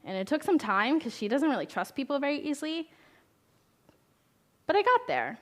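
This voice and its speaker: A young woman therapist speaking to a room of parents in a chatty, conversational way, her voice sitting a little high. She often asks the audience questions and briefly slips into the voices of the people she quotes. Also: very animated, moderate pace, a bit bright. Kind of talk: talk at a conference.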